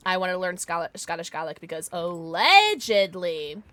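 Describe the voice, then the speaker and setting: A tired woman is livestreaming a game, chatting casually and rambling with her viewers, reading out their names and laughing often. Her voice sits on the low side and is very animated, with a fairly bright tone. She talks at a normal speed, and there's no echo.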